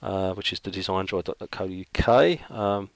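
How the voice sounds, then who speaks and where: A man's voice: sits low, moderate pace, dry recording. A middle-aged man who chats casually while drawing, rambling and thinking aloud with lots of fillers. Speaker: illustrator.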